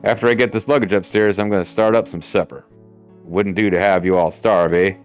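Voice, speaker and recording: A man's voice: lowish voice, steady tone, brisk, clear, resonant tone, soft background music, natural voice. A man voicing a folksy male lodge keeper in a game, reading his lines with playful jokes thrown in. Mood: jokey. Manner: playful, jokey ad-libs. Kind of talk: reading game dialogue aloud in a put-on voice.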